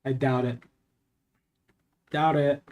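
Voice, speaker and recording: Slow and flat, his mid-range voice carries a darkish tone. He's a young Southern Californian streaming a game, keeping up a profane, rambling, casual chat as he plays.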